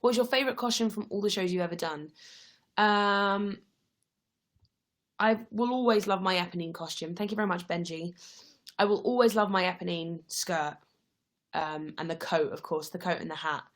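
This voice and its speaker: A young woman runs a casual livestream, answering viewer questions in a friendly, chatty way though she's tired and yawning. Her voice is lowish and her speed normal.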